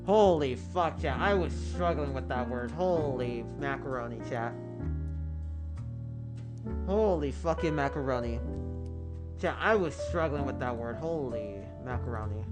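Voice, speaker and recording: Over background music, a man with a mid-range voice chats casually with his stream viewers in an unhurried way, leaving long pauses. He rambles, swears, and stumbles over his words.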